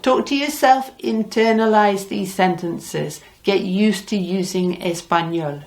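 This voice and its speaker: A woman's voice: medium pitch, takes it slowly, creaky, few pauses, a little mellow. A middle-aged woman teaching a language lesson, patiently repeating words for learners. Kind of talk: slow, deliberate Spanish lesson.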